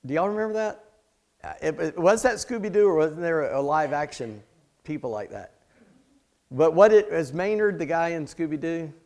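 A man's voice: on the high side, animated, normal speed, a little mellow. A middle-aged man preaching a sermon in a conversational way, with chatty asides and jokes. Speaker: pastor.

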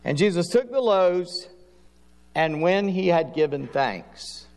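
A middle-aged man preaches in a folksy, storytelling way, acting out bits of dialogue. His voice sits a little high and has a gravelly edge. It rings with the long reverb of a church hall. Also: sing-song, slow pace, darkish tone. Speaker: pastor. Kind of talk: sermon.

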